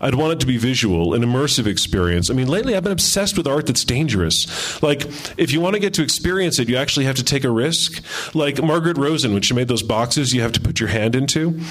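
A man voicing an earnest, slightly pretentious young female art teacher who speaks haltingly and corrects herself. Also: mid-range voice, lively intonation, a bit bright.

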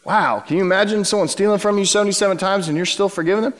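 A man preaching a sermon to his church, telling a story with dramatic shifts between loud emphasis and hushed words. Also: high-pitched, racing, long reverb tail. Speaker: pastor. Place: church sanctuary.

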